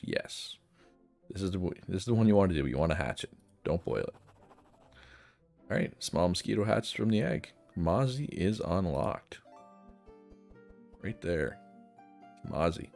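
A man with a low, darkish voice and noticeable vocal fry hosts a gaming guide, narrating a laid-back walkthrough and musing aloud as he plays.

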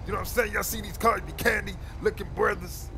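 Sex: man. Style: gaming roleplay as a rival gang leader, loud and roasting. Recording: faint music behind the voice. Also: sits high, fairly even intonation, fast talker, gravelly.

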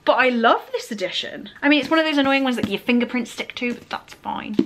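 A woman's voice: on the high side, quick pace, a little hiss or hum. A young woman, gushing as she opens birthday presents in a casual vlog. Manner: gushing, excitable, squeals with delight. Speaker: book vlogger.

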